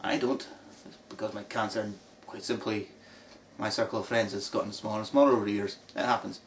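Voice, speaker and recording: A man's voice: on the low side, steady tone, a little fast. A Scottish man mocking a critic in a sarcastic response video, drawing out his put-downs. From Scotland. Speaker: video blogger replying to a critic. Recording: distant mic with faint background noise.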